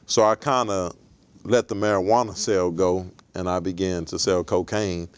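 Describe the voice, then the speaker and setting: Low-voiced man telling his life story. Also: steady tone, smooth, no echo. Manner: reflective, measured storytelling. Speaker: interview guest. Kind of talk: storytelling in an interview.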